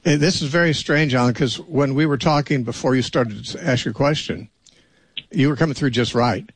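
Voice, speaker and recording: Male call-in radio host, husky voice, dry studio sound, direct and businesslike. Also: medium pitch, normal speed, no echo. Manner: direct, steers callers firmly.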